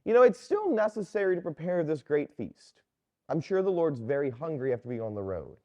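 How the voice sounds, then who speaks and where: A Catholic priest giving a sermon in a conversational, storytelling manner. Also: male voice, fairly high pitch, sing-song, brisk, mellow, dull audio.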